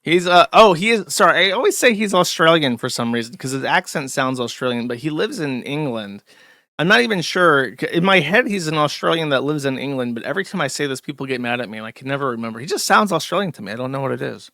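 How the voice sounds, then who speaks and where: A man's voice: a little high, animated, quick pace, sharp tone, dry recording, studio quality. A man hosting a live stream, talking casually in a mocking, sarcastic way, rambling with plenty of fillers and restarts. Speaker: streamer host.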